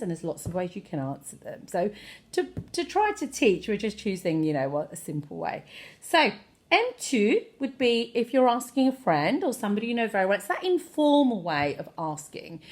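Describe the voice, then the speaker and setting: Woman, French teacher, fairly high voice, very animated pitch, expressive, playful. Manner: lively, expressive, playful overacting of phrases. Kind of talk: online language lesson.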